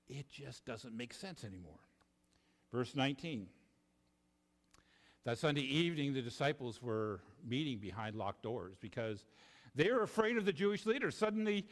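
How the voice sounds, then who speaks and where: A man preaching a sermon, expressive, often dropping low and quiet for emphasis and repeating himself as he goes. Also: big-room sound. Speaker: pastor.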